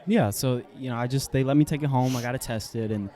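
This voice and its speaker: An American man co-hosting a podcast, rambling deadpan through an improvised comedy date with lots of fillers. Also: mid-range voice, quick pace. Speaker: podcast co-host.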